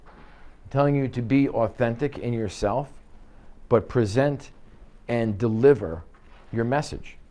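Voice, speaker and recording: A man's voice: medium pitch, unhurried, pauses often, dark tone. A man training a class of real estate agents in an office, talking in punchy bursts, throwing out rhetorical questions and checking in with "okay?". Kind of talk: live training talk to a class.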